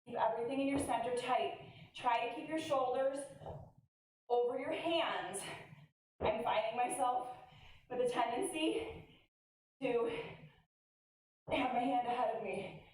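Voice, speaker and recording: Female fitness coach, slightly high voice, upbeat cues, a bit winded; very roomy sound, distant from the mic. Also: a little slow, pauses often, a little mellow. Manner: upbeat, encouraging cues between breaths. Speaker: fitness instructor. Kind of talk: workout class coaching. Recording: very echoey, from far off.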